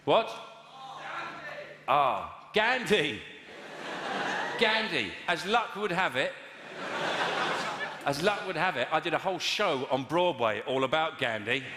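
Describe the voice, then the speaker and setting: A man doing improvised stand-up comedy from audience suggestions, mixing deadpan asides with sudden loud bursts. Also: on the high side, a little slow, long pauses. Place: large theatre with audience. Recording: echoey live hall, loud noise.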